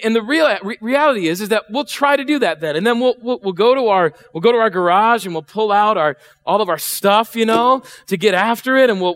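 A man's voice: high-pitched, a bit bright. A middle-aged man preaching a sermon, chatty and full of questions to the congregation. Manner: conversational, asks the congregation questions, acts out voices. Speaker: pastor. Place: church.

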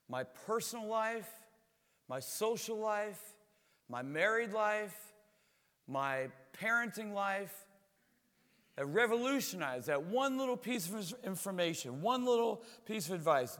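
A man's voice: high voice, fairly bright tone, in a large hall. A man preaching a sermon as a pastor, talking in a conversational way and often repeating words as he goes.

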